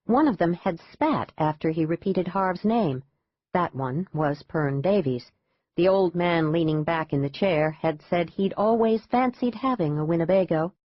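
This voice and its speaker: A woman reads a thriller audiobook in an even, measured way. Her voice sits on the low side. The recording is dry and a bit dull, with a lo-fi sound. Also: no room sound. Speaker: audiobook narrator. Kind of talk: scripted narration.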